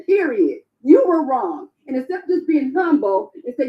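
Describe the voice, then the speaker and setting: A woman's voice: high voice, lively intonation, fairly quick, few pauses, lo-fi sound. A woman on a podcast panel angrily scolding another panelist, repeating herself for emphasis. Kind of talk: heated panel argument.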